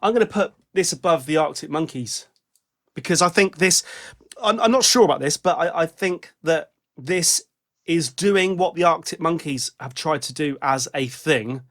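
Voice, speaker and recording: A man with a somewhat high voice chats loosely as a podcast co-host. He rambles, restarts his sentences and corrects himself mid-thought as he goes. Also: moderate pace, a bit bright. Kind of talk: casual music-review chat.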